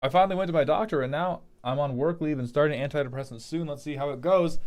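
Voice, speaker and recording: A man's voice: on the high side, fast, a little mellow. A young man streaming casually, reading viewer messages aloud and answering with rambling, joking talk. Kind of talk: casual livestream chat.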